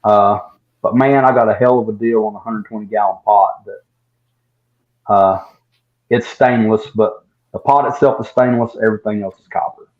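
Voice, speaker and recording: A man's voice: fairly low pitch, fairly even intonation, normal speed. Man, casual storytelling, rambling asides, muffled lo-fi audio. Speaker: guest distiller. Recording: dull lo-fi sound.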